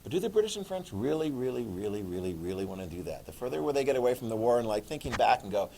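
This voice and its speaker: A middle-aged man giving a classroom history lecture in a jokey, animated way, acting out quick voices. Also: medium pitch, gravelly. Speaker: history teacher.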